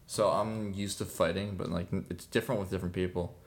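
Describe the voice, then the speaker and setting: A young man co-hosting a podcast chats casually, rambling with lots of fillers and frequent laughs. His voice is low, fairly even in intonation, and quick.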